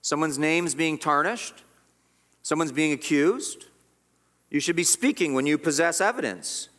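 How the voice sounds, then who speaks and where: A man's voice: fairly high pitch, unhurried, fairly bright tone. A man preaching a sermon as pastor, earnest and emphatic, often repeating and restarting his words.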